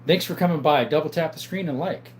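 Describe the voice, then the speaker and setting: A man's voice: on the high side, quick pace, a little hiss or hum. A middle-aged man hosting a casual livestream on his phone. He chats, laughs often and reads viewer comments aloud. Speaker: livestream host.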